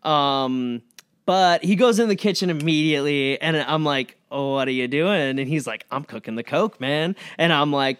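A man's voice: on the high side, normal speed, a bit bright, clean tone. A young adult man, a podcast guest, telling a long story in a casual, rambling way with many fillers and restarts. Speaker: podcast guest, record label founder.

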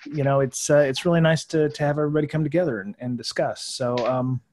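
A man's voice: on the high side, steady tone, fast, a little mellow. A man hosting a casual holiday podcast chat over a video call, easygoing and hesitant with frequent ums. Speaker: podcast host.

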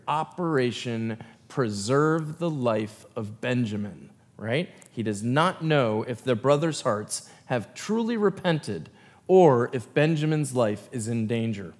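A man's voice: medium pitch, lively intonation, a little slow. A male pastor giving a sermon, reading scripture aloud and breaking off for brief asides. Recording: long hall reverb.

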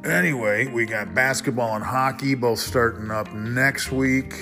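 A man's voice: mid-range voice, a little slow, music in the background. A man hosting a casual solo podcast, rambling and frank, swearing when he gets worked up. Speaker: podcast host.

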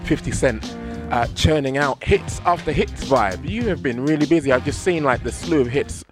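A man's voice: mid-range voice, animated, normal speed, music in the background. A man hosting a podcast, chatting in a playful, teasing way with his co-host and guests. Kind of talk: casual interview chat.

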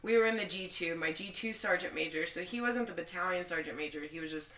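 Woman swearing through an animated story. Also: fairly low pitch, fast talker. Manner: animated, profanity-laden storytelling. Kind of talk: casual podcast chat. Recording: echoey room, mic at a distance.

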